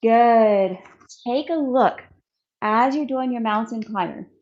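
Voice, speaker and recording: Woman trainer leading a core workout, unhurried, encouraging, counts reps, slightly winded, mildly dull audio. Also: fairly high pitch. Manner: encouraging, counts reps aloud, demonstrates while talking. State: out of breath. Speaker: fitness instructor. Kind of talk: coaching a follow-along workout.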